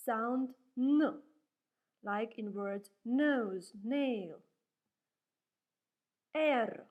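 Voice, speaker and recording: Slow, careful woman teacher. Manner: says example letters and words louder and higher, often twice. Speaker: Russian language teacher. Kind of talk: slow, careful language lesson.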